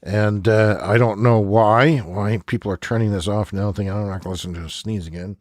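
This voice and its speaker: A man hosting a comedy podcast, rambling in a self-mocking, excitable way and laughing often. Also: on the low side, a little fast, few pauses, dry recording, clean studio sound.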